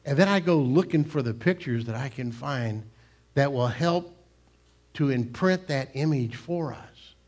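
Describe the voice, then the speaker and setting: A pastor giving a sermon. He explains at length in a conversational way, with small restarts, and slows down to stress quoted lines. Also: mid-range voice, a little mellow.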